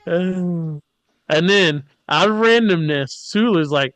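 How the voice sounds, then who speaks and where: A man's voice: a little high, measured pace, a bit bright, no echo. A man co-hosting a podcast, casually recapping an episode and jokingly mimicking the characters. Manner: jokey, mimics characters in quotes. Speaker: podcast co-host.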